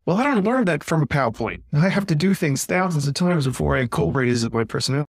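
A man's voice: mid-range voice, big pitch swings, fast talker, dry recording. Man explaining earnestly in a dry recording. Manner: earnest, explanatory, lots of "right?" asides. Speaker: guest, communication trainer. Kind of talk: podcast interview.

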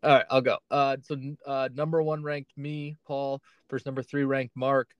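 A man's voice: mid-range voice, little pitch movement, moderate pace, clean tone, dry recording, lo-fi sound. Guy casually chatting on a podcast, keeps saying right? and like, dry close mic, mid voice. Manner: conversational, hedging with "right?" and "like". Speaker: fantasy football podcast co-host. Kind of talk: casual chat.

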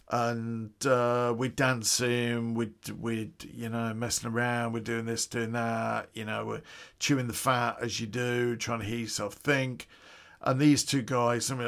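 A man's voice: mid-range voice, vocal fry, a bit bright. A man telling a personal story on a podcast in a casual, profane, conversational way with chuckling asides.

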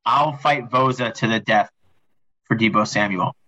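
A young man co-hosting a casual sports podcast, excitable and rambling, with some swearing. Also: lowish voice, normal speed, dull audio. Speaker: podcast co-host.

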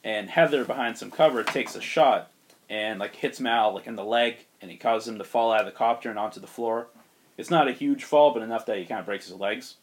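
A man casually pitching a story to a friend, loose and animated. He fills gaps with ums and likes and rolls on from one beat to the next. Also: a little fast. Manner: loose, animated retelling with laughs and fillers. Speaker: host pitching a movie story.

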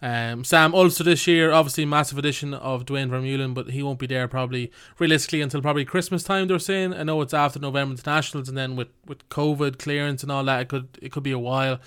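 A man hosting a casual sports podcast, relaxed and jokey as he leads the discussion. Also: medium pitch, fast talker, hardly any pauses, clear, resonant tone. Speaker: podcast host.

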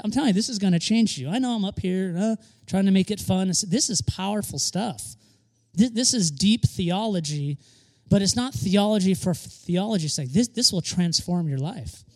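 A high-pitched man preaches a sermon with an emphatic, lively delivery. He drives points home by repeating key phrases and lightens things with quick joking asides. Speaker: pastor.

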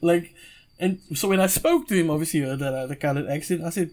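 A young man with a South African accent, a podcast guest telling stories in a loose, animated way, laughing often and swearing freely. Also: on the high side, normal speed. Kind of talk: casual storytelling.

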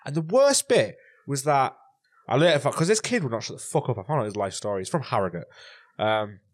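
A man co-hosting a podcast, chatting casually and telling animated stories with lots of swearing. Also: medium pitch, a little fast. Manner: swears a lot, animated storytelling. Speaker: podcast co-host. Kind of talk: casual chat.

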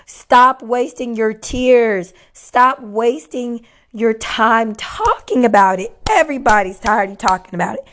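Hoarse, emphatic woman encouraging viewers. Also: fairly high pitch, animated, unhurried, hardly any pauses, fairly bright tone, slight background noise. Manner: emphatic, repeats key lines. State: hoarse, losing her voice. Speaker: faith-based motivational speaker. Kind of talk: casual encouraging talk to viewers.

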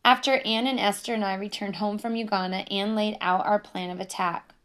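A woman reads her own memoir aloud with earnest feeling. Her voice sits at a middle pitch and carries a heartfelt, personal tone. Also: fairly even intonation, brisk, a bit bright. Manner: earnest, emotional, building to intensity. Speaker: narrator reading her own book.

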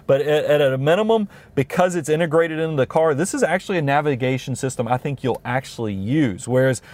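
A man's voice: fairly high pitch, brisk, darkish tone, dry recording. A middle-aged man with a Southern US accent, talking through features in casual, enthusiastic car review chat, recorded inside a car. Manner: enthusiastic, explanatory. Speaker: podcast co-host.

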